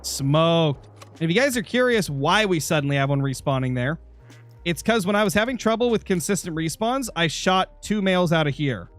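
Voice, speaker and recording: Soft music plays under a young man's animated, slightly high and somewhat bright voice at a moderate pace. He's live-streaming a hunting game, chatting away and answering viewer messages while his throat is sore and dry.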